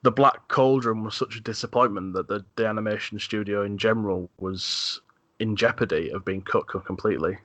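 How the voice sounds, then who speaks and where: A man hosting a podcast, chatting casually about films, halting and repeating words as he thinks. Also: lowish voice, a bit bright, no room sound. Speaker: podcast host. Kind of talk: casual film discussion.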